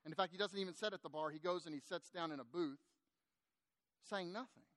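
A man preaching, telling a long story to make his point, animated at times and hushed in the sad parts. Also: on the high side, fast talker, no room sound. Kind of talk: sermon storytelling.

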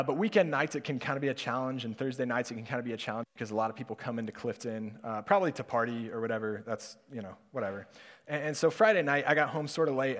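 A man's voice: medium pitch, a bit bright. A young man giving a sermon as a conversational personal story, laughing often and using many fillers. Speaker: preacher. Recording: long hall reverb.

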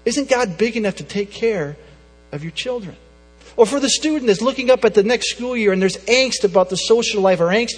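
A male pastor with a high voice preaches earnestly and presses his point with rhetorical questions. His voice rings through a long, reverberant hall while soft music plays behind him. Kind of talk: sermon.

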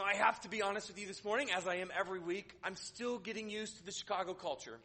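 A man delivers a Sunday sermon in a high, slightly husky voice. He speaks casually and wryly, restarting his sentences as he goes. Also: fast talker, hardly any pauses, pushed and bright. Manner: conversational with sarcastic humor, hesitant restarts. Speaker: pastor. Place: church.

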